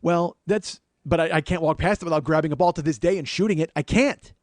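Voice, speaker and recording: Guy doing a sweary comedy rant, talks fast, dry close mic. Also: a little high, no echo. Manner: profane, exasperated rants. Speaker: podcast host. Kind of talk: comedic storytelling monologue.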